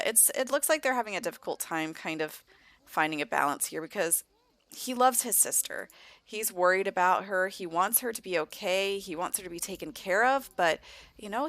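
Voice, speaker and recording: A woman giving casual let's-play commentary, chatting about her sims and voicing their conversations in quick asides. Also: fairly low pitch, fairly bright tone, no room sound. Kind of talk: casual gameplay commentary with voiced character dialogue.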